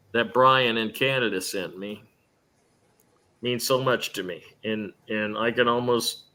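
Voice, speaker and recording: A middle-aged man hosts a live stream show in loose, rambling chat. His voice is bright and ringing, at an ordinary pitch. He often stumbles and restarts mid-sentence. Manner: rambling, chatty, restarts often, quick laughs. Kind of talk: casual chat.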